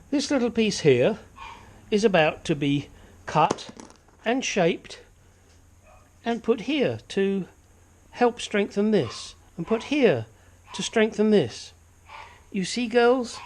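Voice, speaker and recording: Working in his home workshop, a man who makes DIY car repair videos walks through a hands-on fix, chatty and full of joking asides. He has a high voice, and there is slight background noise.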